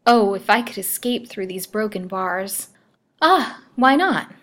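A woman's voice: lowish voice, moderate pace, lightly acted. A woman reading a storybook aloud and voicing a proud young captive woman, impassioned and pleading. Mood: hopeful yearning.

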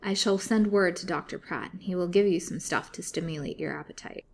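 Female reader as spiteful old crone jailer; low, croaking, grim. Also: a little fast. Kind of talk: storybook reading.

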